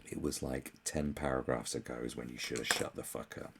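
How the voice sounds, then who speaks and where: A young man ranting sarcastically as a commentary host, swearing often and mocking others in shrill put-on voices. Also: steady tone, a little fast, creaky, a bit bright, slight background noise.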